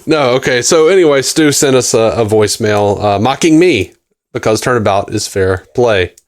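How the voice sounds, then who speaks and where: A man's voice: mid-range voice, expressive, normal speed. Podcast co-host, man, mid-range voice, reads listener mail and cracks jokes. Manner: joking, self-deprecating, trails off. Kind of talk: casual chat and reading listener mail.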